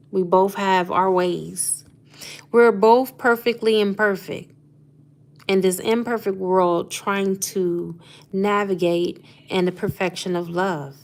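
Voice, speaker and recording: Her voice is medium-pitched and a bit bright: a woman in her thirties or forties doing astrology readings on a casual live stream. She laughs frequently while discussing zodiac signs and addresses viewers as "honey" and "y'all".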